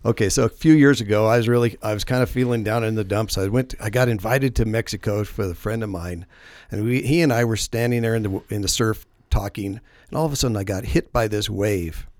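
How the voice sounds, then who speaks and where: A man with a fairly low voice hosts a relaxed podcast chat about faith. He tells long, self-deprecating stories, full of fillers and restarts. His voice is close and dry, with no room sound. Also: a little fast, hardly any pauses, no echo. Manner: rambling, self-deprecating storyteller. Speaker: podcast host. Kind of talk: casual faith-based podcast conversation.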